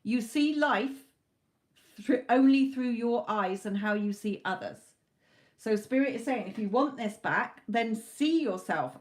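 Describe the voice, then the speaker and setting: A woman's voice: on the high side, expressive, unhurried. A woman doing a live tarot reading, talking in a loose, conversational way with frequent restarts. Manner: talks in loose spoken chunks, restarts often. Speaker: tarot reader.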